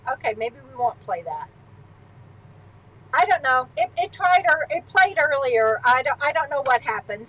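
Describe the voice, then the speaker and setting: A woman runs a relaxed livestream chat from a swivel stool at home, wandering off into asides as she rambles. Her voice sits high and is a bit bright, though the recording is muffled with a little hiss or hum.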